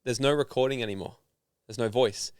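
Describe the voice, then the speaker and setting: A man from Australia, a guest on an interview podcast, telling a story in a casual, animated way and acting out the voices of people in it. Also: mid-range voice, brisk, clean tone, no room sound, clean studio sound. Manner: animated, acts out voices in his stories. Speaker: guest, personal development founder.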